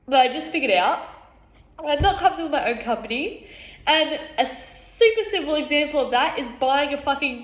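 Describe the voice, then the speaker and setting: A woman speaks to camera in a blunt, unguarded monologue about herself, swearing freely and laughing often. Her voice sits a little high. The room around her is noticeably echoey. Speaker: vlogger. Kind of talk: candid self-reflective monologue.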